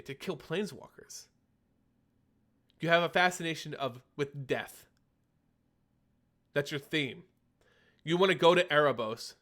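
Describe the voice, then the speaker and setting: Young guy streaming, chatty and loose, bit phlegmy, voice sits kinda high for a guy. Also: fairly bright tone. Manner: chatty, reads and answers chat questions. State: a little phlegmy. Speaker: streamer host. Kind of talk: casual live-stream chat.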